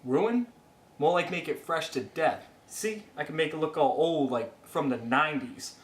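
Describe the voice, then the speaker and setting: A man's voice: a little high, normal speed, roomy sound, close to an everyday voice. A man playing a brash wannabe Jersey Shore bro in a comedy sketch, with a terrible put-on New Jersey accent. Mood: cocky.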